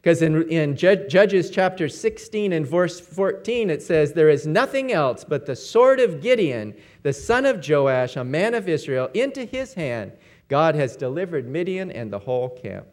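A man's voice: on the high side, lively intonation, measured pace, darkish tone. A man preaching a sermon, retelling stories and briefly acting out the quoted lines.

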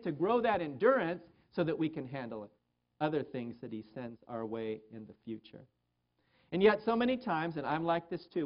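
A man's voice: sits high, lo-fi sound. A man preaching a sermon to his church, acting out prayers in a small whiny voice. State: pain in both feet. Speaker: pastor.

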